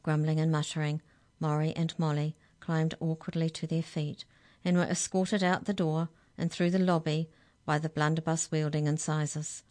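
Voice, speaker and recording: A woman storyteller reading a children's story aloud in a measured, expressive way. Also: low-pitched.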